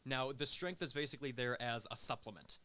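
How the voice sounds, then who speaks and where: A man's voice: medium pitch, fairly quick, sharp tone. A young man who is a guest on a radio show, explaining in a rambling, casual way full of fillers. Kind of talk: casual chat. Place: radio studio.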